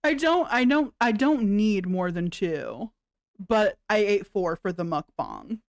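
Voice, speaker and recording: A woman's voice: mid-range voice, lively intonation, unhurried, no room sound, clean studio sound. A woman hosting a livestream, giving sarcastic reaction commentary with frequent laughs and swearing.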